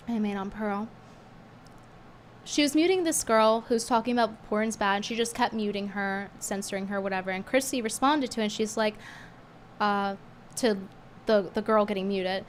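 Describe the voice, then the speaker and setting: A woman streamer in casual commentary, talking sarcastically and animatedly, flaring up indignantly, her voice going a little hoarse. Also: mid-range voice, a little hiss or hum.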